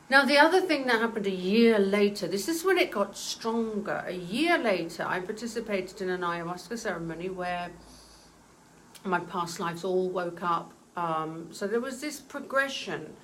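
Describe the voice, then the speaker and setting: A woman in her forties telling a personal story in an earnest, emotional way, pausing often with fillers. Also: medium pitch, expressive, a bit bright, a little hiss or hum, poor audio.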